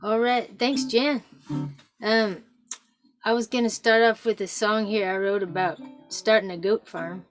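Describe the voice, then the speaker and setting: A woman musician chatting casually on a video call, halting and low-key, her voice trailing off quietly. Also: fairly even intonation, soft background music. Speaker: musician guest. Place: home, Texas.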